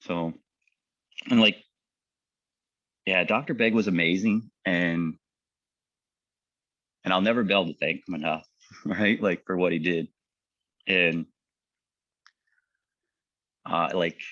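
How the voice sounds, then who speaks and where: A man, a paramedic, telling his personal story in a halting way, full of fillers and repeated words. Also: low-pitched, bright, forceful tone, no room sound, highs cut off. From Canada. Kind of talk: personal testimony talk.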